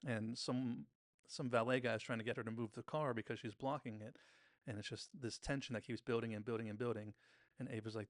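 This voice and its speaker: A man's voice: medium pitch, steady tone, fairly quick, no echo, clean studio sound. A man hosting a podcast, casually recapping a TV episode scene by scene, briefly mimicking the characters' lines.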